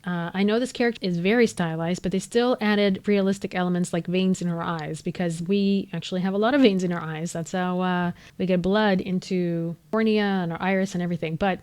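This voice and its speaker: A woman's voice: lowish voice, steady tone, fairly quick, few pauses, a little mellow, clean tone. A woman, a 3D artist, giving a casual, enthusiastic breakdown of a music video's visual effects, chatty and full of asides.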